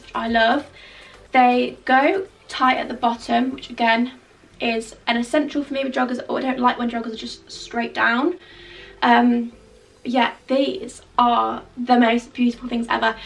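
A young woman chatting excitedly through a clothing try-on haul, gushing and full of fillers. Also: on the high side, creaky. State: out of breath. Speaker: fashion vlogger. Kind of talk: casual try-on haul chat. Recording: distant mic with faint background music.

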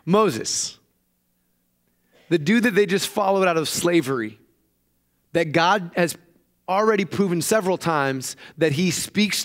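A man preaching a sermon in an animated storytelling manner. His voice sits a little higher than most men's, and it climbs even higher whenever he acts out the people in the story he is retelling. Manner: animated storytelling, acting out quoted voices with raised pitch. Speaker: pastor. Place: church.

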